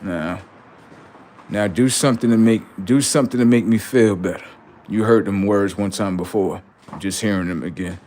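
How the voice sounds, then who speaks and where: A man's voice: lowish voice, moderate pace, a little mellow. A man hosting a livestream in a rambling, slangy monologue, often murmuring asides to his viewers. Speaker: livestream host.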